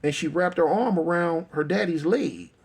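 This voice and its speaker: Brief: male storyteller, gravelly husky voice, talks plain and repeats for effect. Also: a little high, normal speed, a little mellow. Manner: repetitive, conversational, emphatic. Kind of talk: oral street storytelling.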